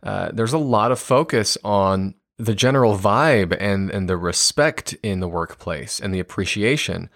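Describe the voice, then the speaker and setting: Low-voiced man explaining earnestly. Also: unhurried, vocal fry, hardly any pauses, fairly bright tone, dry recording, studio quality. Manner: earnest, explanatory, acts out example replies with bursts of enthusiasm. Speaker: podcast host and speaker on communication. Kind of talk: solo podcast teaching.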